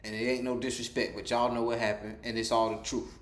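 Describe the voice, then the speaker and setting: A man's voice: medium pitch, fast talker, roomy sound, a little hiss or hum. A man telling a personal story in a casual, rambling way, acting out what people said. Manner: rambling, animated, acts out quoted dialogue. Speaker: storyteller vlogger.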